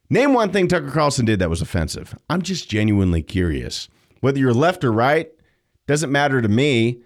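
A young adult man hosting an opinion podcast, sarcastic and animated, jumping between loud and quiet. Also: medium pitch, brisk. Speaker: podcast host.

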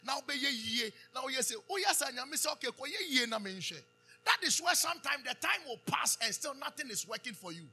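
Ghanaian pastor preaching, high bright husky voice, call and response, faint music behind. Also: male voice, very animated, moderate pace. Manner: call-and-response preaching, loud rising emphasis. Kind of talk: sermon.

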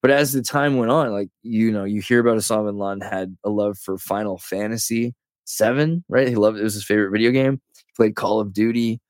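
A man's voice: lowish voice, a little fast, dry recording. Rambling man in his thirties, dry sound. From California. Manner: rambling, animated storyteller who says "dude" and "like". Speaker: podcast guest. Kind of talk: casual conversation.

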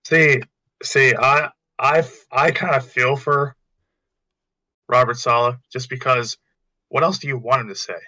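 A man's voice: medium pitch, fairly even intonation, unhurried, long pauses, sharp tone, dry recording. A man co-hosting a casual sports podcast, stumbling and repeating words as he talks. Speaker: podcast co-host.

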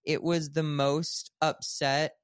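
A man co-hosting a podcast in casual chat, a measured, supportive listener. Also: fairly high pitch, level tone, clean tone, no room sound, studio quality. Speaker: podcast co-host and friend.

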